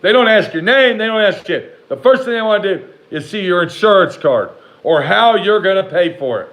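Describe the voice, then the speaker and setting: A man with a fairly high voice tells a long personal story straight to his viewers. He curses freely, drifts off track and snaps back at imagined haters. His pace swings between slow, heavy emphasis and fast, tumbling asides. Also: lively intonation, a bit bright, poor audio. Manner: profane, rambling, talks back to imagined haters. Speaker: vlogger telling a personal story. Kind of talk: casual storytelling to camera.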